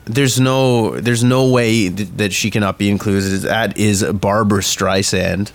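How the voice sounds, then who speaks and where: Low-voiced man, eager podcast talk. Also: steady tone. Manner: enthusiastic, halting restarts while listing facts. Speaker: podcast co-host. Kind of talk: casual chat.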